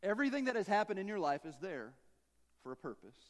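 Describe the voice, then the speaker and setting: A male pastor preaching a sermon, swinging between emphatic raised lines and quiet, dropped endings. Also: sits high, very animated, fast talker, long reverb tail.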